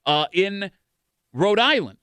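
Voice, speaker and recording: Bright, chatty male radio host. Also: high voice, very animated, slow pace, clear, resonant tone, no room sound. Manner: chatty, incredulous storytelling. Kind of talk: radio show banter. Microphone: studio mic.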